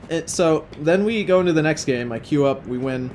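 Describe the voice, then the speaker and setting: A man's voice: a little high, lively intonation, a little fast, few pauses, darkish tone, slight background noise. A young man hosting a gameplay video, casually telling a long rambling story with plenty of swearing. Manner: profane, rambling, chatty. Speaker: let's play host.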